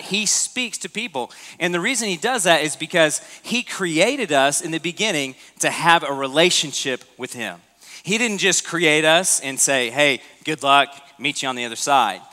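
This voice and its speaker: A pastor preaches in a church auditorium with a long hall reverb, his voice on the high side, pushed and bright. His sermon has a conversational feel, and he poses questions to the congregation.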